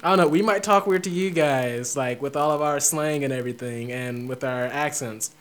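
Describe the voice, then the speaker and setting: A man's voice: mid-range voice, fairly bright tone. A young man co-hosting a podcast, chatty and joking, with lots of slang and filler. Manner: jokey and chatty, quick to laugh. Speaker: podcast co-host. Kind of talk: casual chat.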